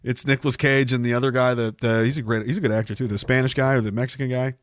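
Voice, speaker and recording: A man's voice: mid-range voice, steady tone, fast, dry recording, clean studio sound. A man hosting a live show and reading chat, rambling and swearing, with sudden bursts of mock outrage. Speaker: podcast host reading chat. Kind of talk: casual livestream chat.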